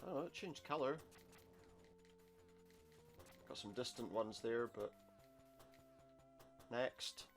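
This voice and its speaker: Taking things slowly, a man with an animated mid-range voice talks through a retro game. The let's-play commentary is casual and wry, with jokey asides muttered under his breath over game music.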